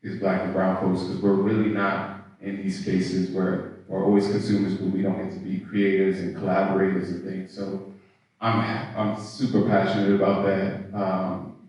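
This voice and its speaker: A man's voice: sits low, monotone, moderate pace, darkish tone, distant mic. A man on an industry panel speaking earnestly and passionately to students. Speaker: panelist, footwear professional. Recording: echoey hall, mic from afar.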